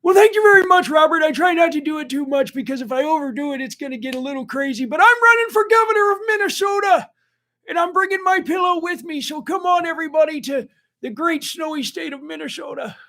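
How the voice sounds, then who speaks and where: A man doing an impression of a loud, excitable middle-aged pitchman politician, shouting a hyped-up sales pitch. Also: quick pace, full character voice.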